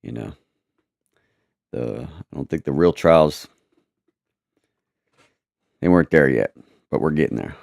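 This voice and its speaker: A man telling a personal testimony in a halting, repetitive, earnest way. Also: very deep voice, animated, gravelly, darkish tone, no room sound, studio quality.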